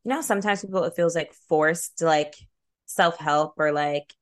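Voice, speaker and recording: Low-voiced young woman, casual podcast chat. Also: moderate pace. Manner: candid, swears freely, lots of "like" fillers. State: slight lisp from a dental guard. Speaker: podcast co-host.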